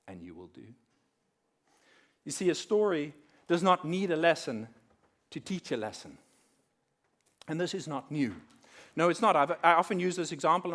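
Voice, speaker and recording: A young adult man telling a story to an audience at a workshop, animated and acting out the characters as he speaks. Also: a little high. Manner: animated, acting out quoted characters with big swings in loudness. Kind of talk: lively storytelling talk to an audience. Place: conference room.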